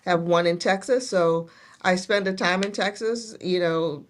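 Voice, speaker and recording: A woman's voice: fairly low pitch, moderate pace, a little hiss or hum. A middle-aged woman, a guest in a casual interview, telling her story earnestly with many restarts. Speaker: guest, nurse executive.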